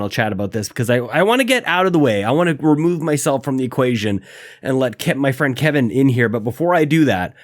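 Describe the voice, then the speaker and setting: A man hosting a podcast while sick, short of breath from a cough, talking in a rambling, self-deprecating, upbeat way. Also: a little high. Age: adult, married. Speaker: podcast host. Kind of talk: casual podcast chat.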